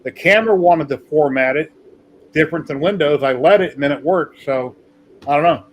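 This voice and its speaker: A man's voice: a little high, brisk, slight background noise, poor audio. A man hosting a casual maker livestream, telling rambling stories. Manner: rambling storyteller. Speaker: podcast host.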